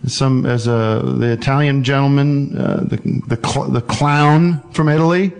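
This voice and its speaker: A man hosts a casual call-in show. He rambles in loose, halting phrases, circling back and restarting his thoughts. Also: medium pitch, fairly even intonation. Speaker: podcast host taking calls.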